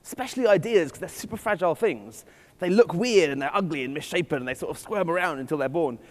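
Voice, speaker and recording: A man's voice: a little high, expressive, quick pace. A man giving a witty, digressive keynote talk at a conference. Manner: witty, digressive, self-deprecating. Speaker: conference speaker. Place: conference hall. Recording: hall reverb from stage.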